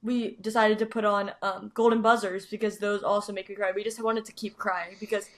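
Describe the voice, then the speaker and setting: A woman's voice: medium pitch, little pitch movement, brisk. A young woman co-hosting a podcast in casual chat, gushing and filling her talk with "like". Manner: gushing, heavy use of "like". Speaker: podcast co-host.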